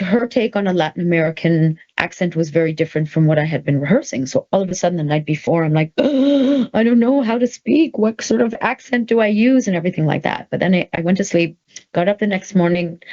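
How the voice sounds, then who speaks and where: Lively storytelling woman, slightly low voice. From Canada. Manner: animated storyteller, quick swings into high excited voice for quoted thoughts. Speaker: actor and author telling her story. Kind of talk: casual anecdote. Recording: slightly dull, lo-fi sound.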